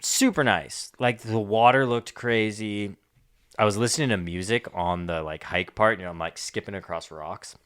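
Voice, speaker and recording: Casual male podcast co-host, lower voice, close and dry, loose storyteller. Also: normal speed, fairly bright tone, clean tone, no room sound. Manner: laid-back, swearing, laughs through his telling.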